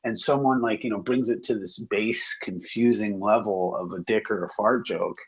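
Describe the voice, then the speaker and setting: Man, casual chat, rambling, swears often, husky voice, dull recording. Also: on the low side, moderate pace. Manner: profane, rambling, filler-heavy. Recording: dull lo-fi audio.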